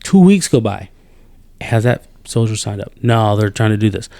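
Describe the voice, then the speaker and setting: A man in a casual podcast chat, venting with exasperation and rising to high incredulous outbursts. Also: moderate pace, gravelly, dry recording. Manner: animated and exasperated, voice jumps up when incredulous. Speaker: podcast co-host.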